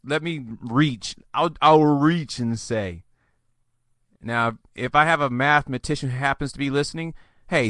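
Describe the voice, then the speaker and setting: A chatty man runs his own advice podcast, joking and rambling through listener questions. His voice is bright and forward, set at an ordinary male pitch. The recording is dry and close, with no room sound. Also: no room sound. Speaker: podcast host. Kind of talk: solo podcast advice monologue.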